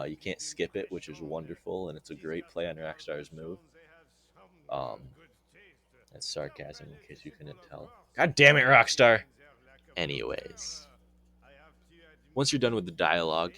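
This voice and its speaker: A young man narrating a casual gameplay tutorial in a relaxed, chatty way with dry sarcastic asides. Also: deep voice. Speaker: game guide narrator.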